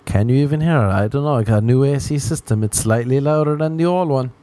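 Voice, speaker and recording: Speaking at a fast clip in a medium-pitched, warm voice, this Irish podcast host records his solo comedy show dry from his apartment. He meanders from one tangent to the next, poking fun at himself and tossing in jokey asides.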